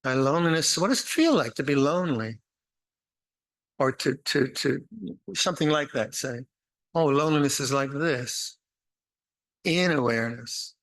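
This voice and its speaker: An older man gives a dharma talk at a meditation retreat, his voice at an ordinary middle pitch. He speaks slowly and haltingly, often repeating words and restarting his sentences. His manner is gentle and wry as he teaches. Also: lively intonation, low-quality recording. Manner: gentle, wry, laughs at his own jokes.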